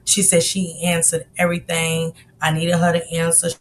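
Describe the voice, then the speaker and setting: Woman host, under the weather, lowish voice, casual stream chatter, faint rumble behind. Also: monotone, normal speed. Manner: greets viewers by name with a warm sisterly chatter. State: sick with a cold, coughing and sneezing. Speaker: livestream host. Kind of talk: casual livestream chat.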